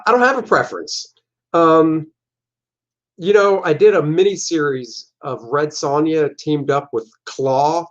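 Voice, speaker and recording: A man talks loosely through his old comic pages in a livestream. His voice sits at a mid pitch, and the audio is a little dull and lo-fi. He rambles in a laid-back, friendly way. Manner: relaxed, rambling, acts out panel dialogue in silly voices. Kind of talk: casual livestream commentary.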